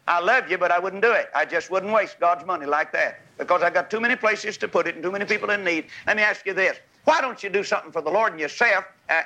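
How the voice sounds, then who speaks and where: A man preaching a fiery revival sermon under a big tent, exhorting and swinging from soft to shouting. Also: high-pitched, rough recording.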